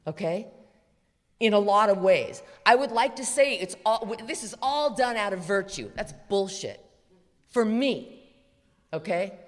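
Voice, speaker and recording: An American woman giving a blunt, profane, emphatic recovery talk at a convention. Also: on the high side. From USA. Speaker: recovery speaker. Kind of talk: live speech at a convention. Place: large convention hall. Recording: echoey convention hall.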